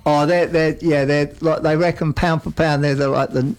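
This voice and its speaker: A man's voice: a little high, fairly even intonation, normal speed, soft background music. A man co-hosting a radio show, rambling enthusiastically about what he has watched and laughing often. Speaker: radio co-host. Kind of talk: casual radio banter. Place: radio studio.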